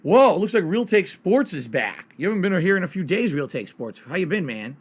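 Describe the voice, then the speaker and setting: A man's voice: high voice, sing-song, brisk. A man streaming games live, chatting casually and ranting bluntly with plenty of swearing. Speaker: game streamer.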